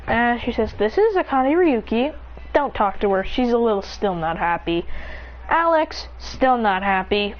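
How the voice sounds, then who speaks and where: A woman narrating an improvised story in a rambling, breathless way, jumping up in pitch to voice the characters. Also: big pitch swings, unhurried, dull audio.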